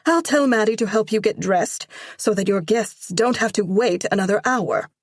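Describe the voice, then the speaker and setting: A woman's voice: mid-range voice, normal speed, dry recording, clean studio sound, voice pushed up, natural voice. A woman voicing a haughty wealthy mother who scolds in short, clipped commands. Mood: scolding.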